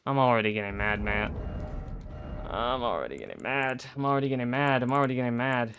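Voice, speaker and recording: A man's voice: mid-range voice, fairly quick, a bit bright, smooth. A young man commentating on his own gameplay as a streamer, swearing and repeating himself in frustration. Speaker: gaming streamer.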